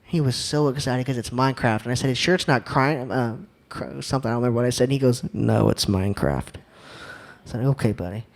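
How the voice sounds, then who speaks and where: A man's voice: mid-range voice, fairly even intonation, fast. A young man giving an upbeat, joking church talk, often asking the crowd questions. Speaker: youth speaker.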